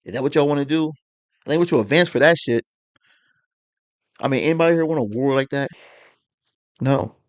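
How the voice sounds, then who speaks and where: A man's voice: medium pitch, fairly quick, pauses often. Man ranting with heated rhetorical questions. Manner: rambling and heated, uses rhetorical questions and slang. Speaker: online commentator. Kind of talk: political rant.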